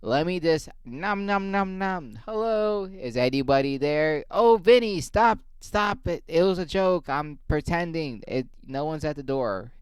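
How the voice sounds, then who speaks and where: Man doing a shrill, flustered woman, fed up, high falsetto, dry. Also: lively intonation, unhurried, few pauses, clean tone, no echo. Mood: exasperated.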